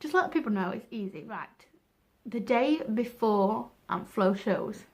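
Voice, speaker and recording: A woman's voice: mid-range voice, animated, measured pace. A young woman giving frank, chatty advice in a casual vlog, laughing at herself now and then. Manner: chatty, frank, self-deprecating. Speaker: vlogger.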